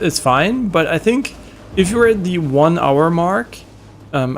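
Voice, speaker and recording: A man's voice: a little high, vocal fry, slight background noise. A young man streaming a game, chatting casually and rambling with lots of fillers and easy laughter. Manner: rambling, loose, laughs often, many fillers. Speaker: gaming streamer. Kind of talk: casual chat while streaming gameplay.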